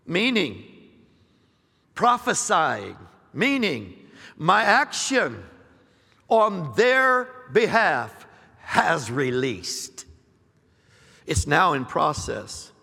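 A man's voice: a little high, huge pitch swings, extremely slow, creaky, long pauses, pushed and bright. A middle-aged male senior pastor preaching a live sermon, building his points through repeated, rising declarations. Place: large church sanctuary. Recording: live recording with long hall reverb.

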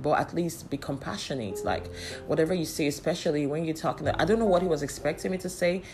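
A woman in casual storytelling, candid and lively, with exasperated asides and frequent laughs. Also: low-pitched.

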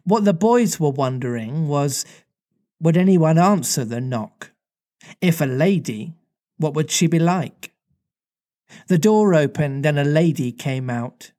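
A man's voice: a little high, lively intonation, slow pace, mellow. A man reading a storybook aloud, his voice swinging up and down with expression. He reads playfully and drops easily into casual banter. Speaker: reader and co-host.

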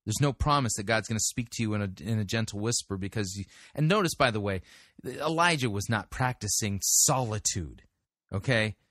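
A man's voice: lowish voice, lively intonation, a little fast, a bit bright, no room sound, studio quality. A man hosting a commentary show, bluntly and skeptically rebutting a sermon. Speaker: podcast host and critic. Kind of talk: critical commentary on a sermon clip.

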